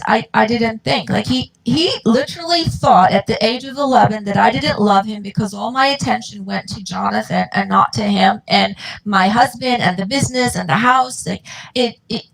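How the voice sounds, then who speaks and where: Gravelly, high-pitched middle-aged woman. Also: low-quality recording. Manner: earnest, impassioned, acts out quoted dialogue. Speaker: guest, mother. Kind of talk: emotional personal storytelling.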